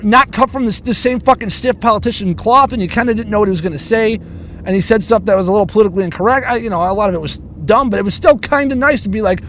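A man's voice: high voice, a bit bright, a little hiss or hum. A man hosting a podcast, ranting heatedly in casual talk, swearing constantly and stumbling over restarts. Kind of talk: casual profane rant.

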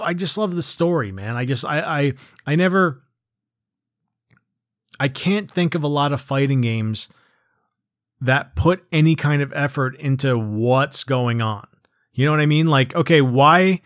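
A man's voice: medium pitch, no echo, studio quality. Rambling, profane man ranting about games. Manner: rambling, profane, frequent fillers and restarts. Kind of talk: casual rant.

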